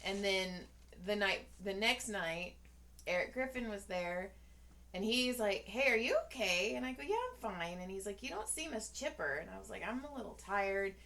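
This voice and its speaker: A woman co-hosts a casual chat podcast with her husband, spinning a story and slipping into the voices of the people in it. Her tone is bright and forward. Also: medium pitch, moderate pace. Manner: animated storyteller acting out conversations. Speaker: podcast co-host.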